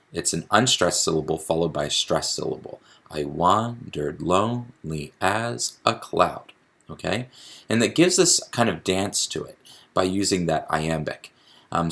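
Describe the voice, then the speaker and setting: Male teacher, deep and husky, gravelly voice, explanatory lecture with restarts. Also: fairly bright tone. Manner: explanatory, with frequent restarts and fillers. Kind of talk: recorded lecture on poetry.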